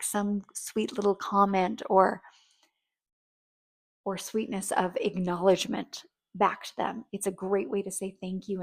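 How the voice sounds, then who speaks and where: A woman's voice: mid-range voice, creaky. A woman in casual, rambling talk, giving relationship advice and acting out sweet, grateful thank-yous. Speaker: relationship coach.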